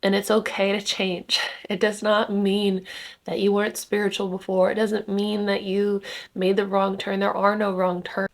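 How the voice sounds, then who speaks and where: Gravelly-voiced young woman rambling about spirit. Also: medium pitch, little pitch movement, normal speed. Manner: rambling, lots of "like" fillers, laughs often. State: slightly congested from just waking up. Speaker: spiritual content creator. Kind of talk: casual spiritual vlog talk. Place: rented home indoors.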